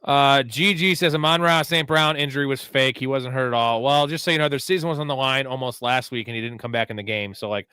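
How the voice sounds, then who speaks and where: A man's voice: medium pitch, steady tone, quick pace, few pauses, bright, forceful tone, clean tone, no echo, studio quality. A man hosting a live sports talk show, reading viewer questions and bantering loosely, with the odd swear. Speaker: host.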